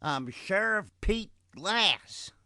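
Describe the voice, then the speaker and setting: A man voicing a shrill, eager frontier sheriff who shouts his challenges across the mountains. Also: lively intonation, extremely slow, no room sound, clean studio sound, heavily acted. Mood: shouting challenge. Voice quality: shrill, carrying calls. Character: shrill-voiced methodical sheriff, eager and hungry.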